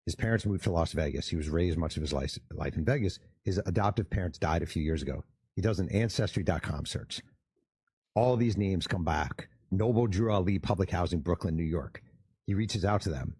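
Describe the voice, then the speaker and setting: A man's voice: low-pitched, a little fast, husky, no echo. A man and author telling a story in an interview, acting out the people he quotes. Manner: animated storyteller who acts out quotes.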